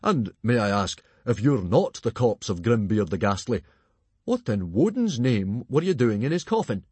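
A big, blustering Viking chief, hearty and loud, as a man puts him on in a storybook. The voice booms with lively swings. It is husky and stays dry and close. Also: normal speed, no echo.

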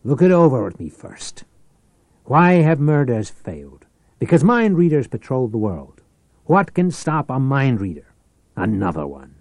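A man's voice: mid-range voice, very animated, unhurried, no room sound, pitched above the performer's own voice. A man doing Reich, a ruthless scheming tycoon. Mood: calculating. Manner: forceful, persuasive, calculating. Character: ruthless scheming rich male businessman.

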